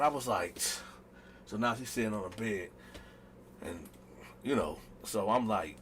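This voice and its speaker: A man telling a personal story in a casual storytime vlog, animated and slangy, talking straight to his viewers. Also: on the low side, unhurried, long pauses, a little hiss or hum. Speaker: storytime vlogger.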